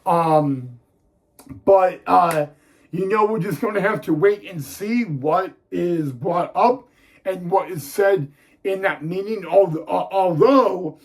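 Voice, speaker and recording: Young guy fan vlogger, high-ish voice, takes his time, keeps saying "guys", all eager. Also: takes it slowly. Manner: keeps calling the viewers "guys", eager and excitable. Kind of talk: casual direct-to-camera talk.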